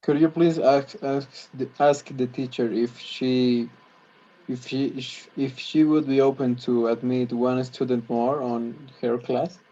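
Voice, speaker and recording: A man learning English, practicing polite requests and often pausing to search for words. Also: mid-range voice, steady tone, mellow, muffled recording. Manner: hesitant, restarts, searches for words. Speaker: English student.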